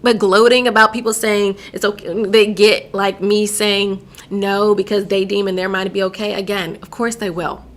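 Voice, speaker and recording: A woman's voice: mid-range voice, little pitch movement, moderate pace, hardly any pauses. A young adult woman from Virginia hosting a solo podcast, delivering emphatic, sassy, opinionated commentary. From Virginia, USA. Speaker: podcast host.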